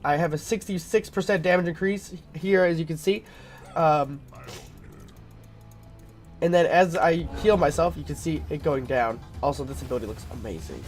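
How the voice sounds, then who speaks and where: A man commentating his own gameplay in a casual, rambling way, full of fillers and throat-clearing because he is sick. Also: on the high side, moderate pace, soft background music. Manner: rambling, filler-heavy, thinking aloud.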